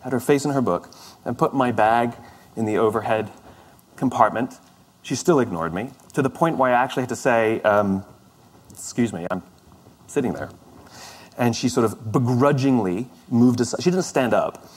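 A man's voice: medium pitch, moderate pace, husky. A middle-aged man telling a story in a conversational, self-deprecating way, often restarting his sentences. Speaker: speaker. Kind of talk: storytelling talk.

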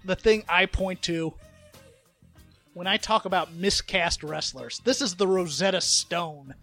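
High, bright-voiced man chatting. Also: measured pace, vocal fry, faint music behind. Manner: rambling, animated storytelling with impressions. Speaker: podcast co-host. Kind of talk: casual chat.

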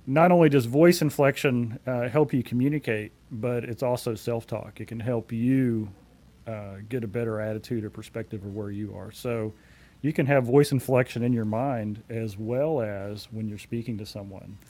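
A man in his forties, a company CEO, being interviewed and telling anecdotes in a relaxed way with frequent fillers. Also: medium pitch, moderate pace. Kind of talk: conversational storytelling.

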